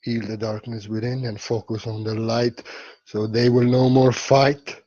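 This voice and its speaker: A man giving a gentle, rambling spiritual talk in halting, non-native English. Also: medium pitch, flat delivery, dull audio. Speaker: spiritual teacher.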